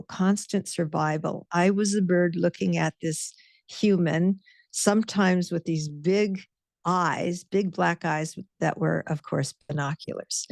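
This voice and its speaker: A woman's voice: fairly low pitch, creaky, a little mellow, no room sound, studio quality. A woman giving a guest talk with slides, telling stories in a conversational, reflective way. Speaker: guest speaker, author.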